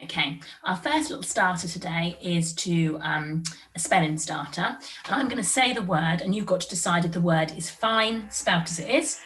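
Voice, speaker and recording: A woman teaching young children in a recorded online lesson, sounding out words clearly and slowly. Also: on the low side, a bit bright, distant mic, a little hiss or hum. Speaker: primary school teacher.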